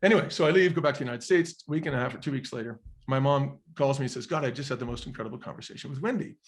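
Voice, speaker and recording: Speaking rapid-fire in a medium-pitched voice, this middle-aged podcast guest recounts something from his own life. He used to be an executive at a restaurant chain. His tone is earnest and thoughtful, and he imitates the people he quotes.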